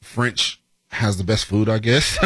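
A man co-hosting a casual podcast chat, chatty and quick to laugh. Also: on the low side, very animated, a bit bright, breathy edge, dry recording. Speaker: podcast co-host.

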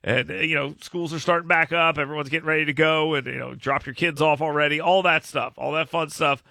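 Gravelly, bright-voiced man telling rambling stories. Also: a little high, steady tone, a little fast, no echo, clean studio sound. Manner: rambling, self-mocking storyteller. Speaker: radio show host. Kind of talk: casual chat with co-hosts.

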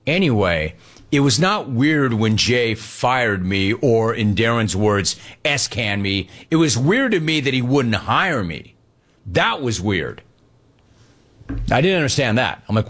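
A man hosts a sports talk show, his mid-pitched voice sitting in the usual middle range. Speaking slowly and casually, he reads listener messages, breaks into animated stories, and mimics the people he quotes.

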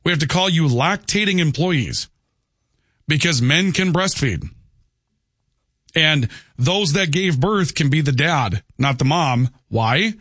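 A man's voice: on the high side, expressive, slow, a bit bright, dry recording, clean studio sound. A man hosting a call-in radio talk show, talking conversationally and often tossing in "okay". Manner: conversational, peppers lines with "okay". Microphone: studio microphone.

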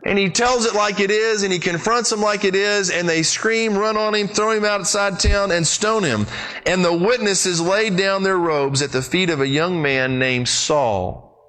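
A pastor preaching a sermon, retelling the story with lively, sweeping swings in his voice and speaking straight to his congregation. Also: unhurried. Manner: animated storytelling with big pitch swings; addresses the congregation directly.

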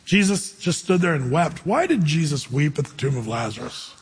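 A male pastor preaching a sermon in a lively, conversational way, with jokey asides. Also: a little high, normal speed, in a large hall.

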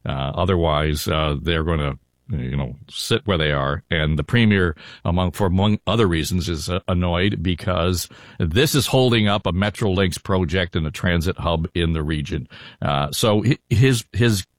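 A man's voice: deep voice, no echo, studio quality. An older man hosting a politics podcast in a rambling, casual way with lots of fillers. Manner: rambling, with many fillers and restarts. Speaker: podcast host. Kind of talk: casual panel chat.

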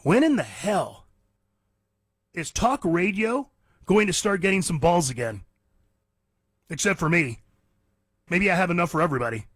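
A man's voice: high-pitched, expressive, normal speed, long pauses, a bit bright, no echo. A man hosting talk radio, ranting bluntly and combatively in an opinionated monologue from a radio studio.

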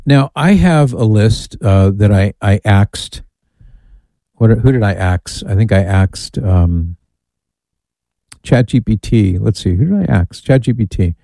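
A man's voice: fairly low pitch, expressive, slow, vocal fry, mellow, no echo. A man hosting a call-in radio show, playfully reading out lists with amused asides. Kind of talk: casual talk radio.

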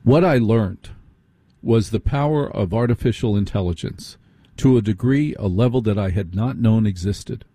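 A man's voice: fairly low pitch, moderate pace, mellow, husky, no room sound. A man hosting a late-night radio talk show, speaking conversationally, repeating phrases for emphasis and asking listeners rhetorical questions. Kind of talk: radio monologue. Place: radio studio.

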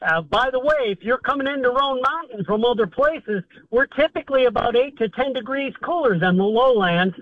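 A man talks on the phone with eager, promotional energy. His voice is high for a man and comes through a thin, tinny phone line. The sound is dry. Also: lively intonation, brisk, hardly any pauses, dry recording. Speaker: festival volunteer guest. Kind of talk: phone interview.

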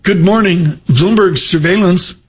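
A man hosting a morning show, trading casual on-air banter with joking, quick asides. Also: high-pitched, a little hiss or hum.

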